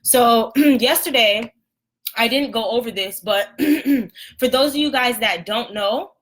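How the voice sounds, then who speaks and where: Bright-voiced young woman clearing her throat. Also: fairly high pitch, slow, low-quality recording. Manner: chatty, keeps clearing her throat and apologizing. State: hoarse, throat irritated after a run. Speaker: trading teacher on a livestream. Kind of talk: casual live lesson.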